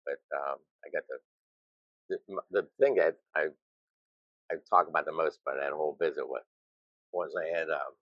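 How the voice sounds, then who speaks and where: Deep-voiced older man telling zoo stories. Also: fairly bright tone, no echo, highs cut off. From United States. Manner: rambling anecdotes with self-deprecating chuckles. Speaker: retired zookeeper, guest. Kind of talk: casual storytelling interview.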